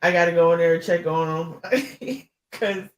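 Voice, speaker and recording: A woman's voice: lowish voice, measured pace. Woman host signing off in an echoey room. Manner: warm thanks, rambling, laughing. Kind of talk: show sign-off.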